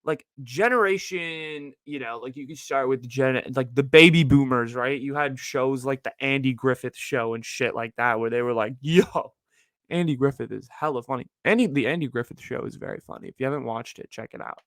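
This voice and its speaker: A man of twenty-one from Northern California, hosting his own show in a rambling, slangy solo rant that jumps to high, exasperated tones. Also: brisk, few pauses, a bit bright, dry recording. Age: early 20s. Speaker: podcast host.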